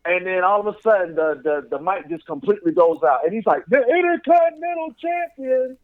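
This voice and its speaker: A man co-hosting a casual podcast, retelling a scene with lively acted-out voices and lots of "like" fillers. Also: a little high, quick pace, dry recording, phone-quality sound. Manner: animated storytelling, acts out voices and crowd chants; frequent "and then all of a sudden" and "like" fillers. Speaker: podcast co-host. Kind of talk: casual chat.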